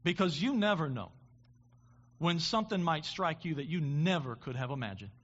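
A man's voice: fairly high pitch, expressive, fairly bright tone. Man preaching a sermon, lo-fi. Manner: halting restarts, builds to impassioned preaching. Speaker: pastor.

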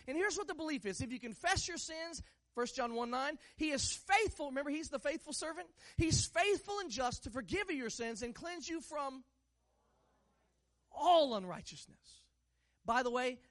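A pastor preaching a sermon, moving from hushed asides to loud, drawn-out declarations and teasing the congregation with rhetorical questions. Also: high-pitched, expressive. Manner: stretches key words slowly for emphasis.

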